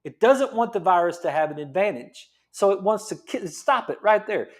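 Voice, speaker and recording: A middle-aged man with a drawl gives a health talk as a chiropractor. His voice sits high for a man and swings up and down with energy. He talks in a fired-up, preachy way, firing off rhetorical questions. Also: lively intonation, moderate pace.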